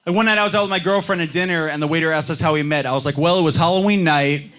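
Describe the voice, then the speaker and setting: A young man doing a stand-up comedy set on a club stage, telling self-mocking stories with animated delivery. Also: a little high, rapid-fire. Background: audience laughter.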